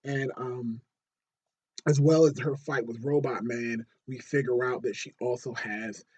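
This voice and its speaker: A husky-voiced man talks through a TV episode in a loose, rambling way, full of fillers and false starts. He is recorded on a slightly dull, lo-fi mic. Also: mid-range voice, unhurried. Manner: rambling, many fillers and restarts, gets excited and loud retelling scenes. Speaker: TV show reviewer. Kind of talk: casual spoken episode review.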